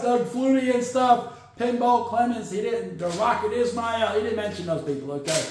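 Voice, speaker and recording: A man with a very high voice hosts a casual football news show. He rambles through stories with lots of fillers and sarcastic asides. His voice rings out in a very echoey room. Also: normal speed, few pauses, darkish tone. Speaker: football podcast host. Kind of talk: casual sports news commentary.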